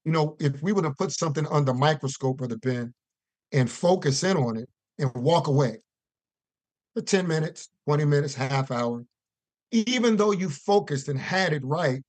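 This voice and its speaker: A man's voice: fairly high pitch, expressive, normal speed, darkish tone, no room sound. Earnest man sharing on a call. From US East Coast. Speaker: caller. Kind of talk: testimony on a conference call.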